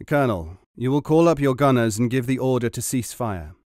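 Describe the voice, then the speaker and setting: A cold resistance leader, voiced by a male narrator, who speaks slowly and deliberately with quiet menace. The voice sits mid-range, close and dry. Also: medium pitch, animated, dry recording, lightly acted. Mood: menacing.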